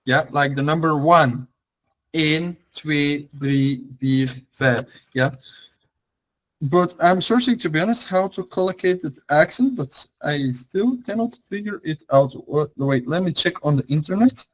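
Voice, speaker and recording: A man's voice: on the high side, lively intonation, normal speed, low-quality recording. A young man teaching an online language class, talking in a loose, chatty way with many fillers and restarts.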